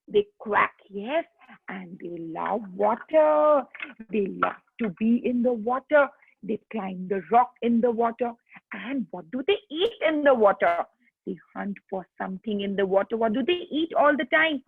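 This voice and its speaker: Sing-song woman teacher, husky and slow. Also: on the high side, animated, no echo. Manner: coaxing, sing-song, getting kids to join in. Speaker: teacher of young children. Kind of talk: online kids' lesson. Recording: tinny phone-like line.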